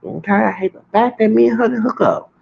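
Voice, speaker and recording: A man's voice: sits high, lively intonation, quick pace, creaky, highs cut off. A man in his late forties ranting to his viewers in a heated, rambling monologue, swearing and restarting his sentences. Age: 40s. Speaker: vlogger.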